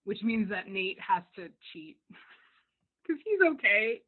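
A woman chatting casually about a TV episode, animated and laughing often as she acts out lines. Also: medium pitch, slow, breathy edge. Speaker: podcast co-host. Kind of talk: casual recap chat. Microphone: remote call. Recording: tinny phone-like line.

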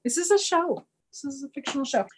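A young woman co-hosting a podcast, casually recapping a TV episode and acting out the characters' lines. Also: fast talker. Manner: animated, acts out characters' lines with big pitch jumps. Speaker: podcast co-host.

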